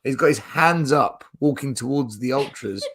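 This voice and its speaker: An English man with an ordinary mid-pitched voice, a guest on a live fan stream. He tells teasing stories about a friend and slips into quoted voices as he goes. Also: moderate pace, fairly bright tone, a little hiss or hum. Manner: teasing storyteller.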